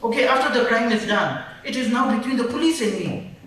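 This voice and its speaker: A woman's voice: on the high side, expressive, fairly quick, a bit bright. Indignant woman speaking in an echoey hall. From Nagaland. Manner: indignant, emphatic, repeats phrases. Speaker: human rights defender. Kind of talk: public panel talk. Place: large event hall. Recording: very echoey hall, mic far off.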